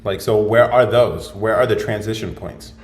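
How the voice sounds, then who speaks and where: A man's voice: on the low side, normal speed. A man hosting a casual livestream, rambling and thinking aloud as he answers viewer comments. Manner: rambling, musing, thinks aloud with many fillers. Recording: roomy echo.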